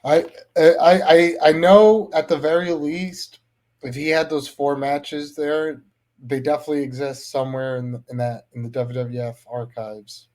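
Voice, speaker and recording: A man's voice: fairly high pitch, little pitch movement, unhurried, a little mellow. A man who wrestles, talking casually as a podcast guest and promoting his upcoming shows. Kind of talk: casual chat.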